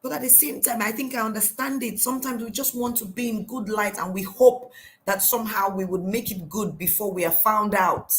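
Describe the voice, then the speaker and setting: A woman's voice: mid-range voice, steady tone, a little fast, a little hiss or hum, low-quality recording. A middle-aged woman with a Nigerian accent, giving a devotional coaching talk, asking question after question in an emphatic way. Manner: questioning, emphatic, repeats "why". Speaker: life coach.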